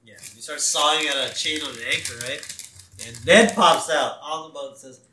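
A man co-hosting a podcast, recapping a cartoon episode in an animated, laughing way. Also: on the high side, moderate pace. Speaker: podcast co-host. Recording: roomy echo.

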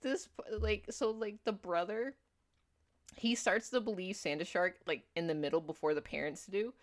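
A young woman co-hosting a podcast, rambling through a movie plot with lots of fillers and quick acted-out quotes. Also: medium pitch. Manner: rambling storyteller, many fillers, acts out quotes. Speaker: podcast co-host. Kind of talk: casual movie recap chat.

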